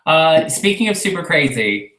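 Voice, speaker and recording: A man's voice: fairly high pitch, big pitch swings, moderate pace, pushed and bright, echoey room, low-quality recording. A man co-hosting a casual live video chat, easygoing and mildly wry. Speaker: co-host.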